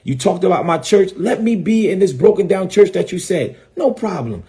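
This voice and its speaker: A middle-aged man, a bishop, speaks on a live stream. He is emphatic and defiant, and repeats short phrases again and again. His pitch rises and falls widely from line to line. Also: animated, normal speed, dark tone. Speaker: bishop and preacher.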